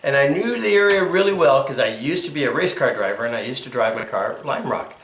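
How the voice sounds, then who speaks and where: A man's voice: medium pitch, expressive, fast, fairly bright tone, echoey room, a little hiss or hum. A man hosting an archery video, talking in a chatty, jokey and rambling way. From Connecticut, USA. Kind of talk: casual vlog narration.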